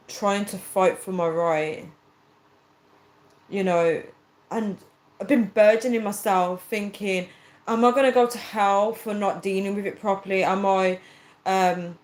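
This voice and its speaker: Woman chatting on a livestream, retelling a convo with all the voices, mid pitch, echoey room sound. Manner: chatty storyteller acting out quoted dialogue, earnest. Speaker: livestreamer reading viewer comments. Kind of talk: casual livestream chat. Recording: roomy echo.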